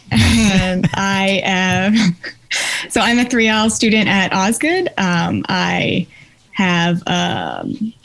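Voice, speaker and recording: A woman's voice: medium pitch, a bit bright. A woman guest on a podcast, a law student, talking in a friendly way with light laughs. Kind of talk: casual podcast interview.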